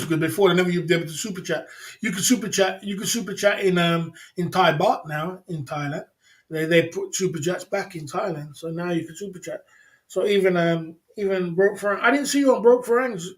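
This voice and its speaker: Male livestream host with a slightly high voice, loose rambling chat that circles back on itself and reads out names from the chat. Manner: rambling, repeats himself, chuckles, addresses chat viewers by name.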